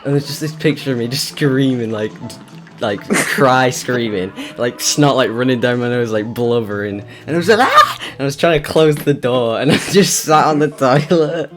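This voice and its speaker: A man's voice: medium pitch, normal speed. A British man rambling through a personal story while playing a video game, with many fillers and restarts. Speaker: let's play gamer. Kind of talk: casual gameplay chat and storytelling. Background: game music.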